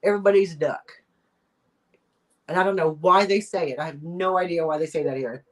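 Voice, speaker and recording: A woman's voice: lowish voice, a little fast. A woman hosting a casual live-stream chat, talking in a rambling way with lots of fillers and little laughs. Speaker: host of a live chat show.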